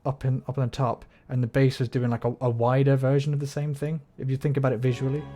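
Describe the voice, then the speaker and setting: A man's voice: mid-range voice, flat delivery, fast talker, warm tone. A man chatting casually on a livestream, explaining music theory, humming melodies and swearing when frustrated. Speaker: streamer. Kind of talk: casual livestream chat while gaming.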